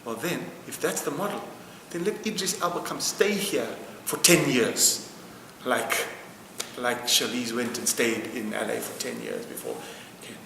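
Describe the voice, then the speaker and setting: Gravelly and unhurried, a medium-pitched man with a somewhat bright tone speaks through a little hiss or hum. Answering an interview with passion, he repeats phrases and stresses words to drive his point home, in a hall with long reverb and faint music.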